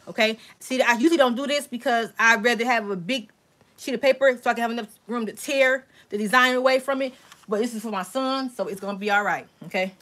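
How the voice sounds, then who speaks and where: A woman hosting a casual live-stream crafting tutorial, chatty and excitable, talking straight to her viewers. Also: a little high. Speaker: crafting channel host.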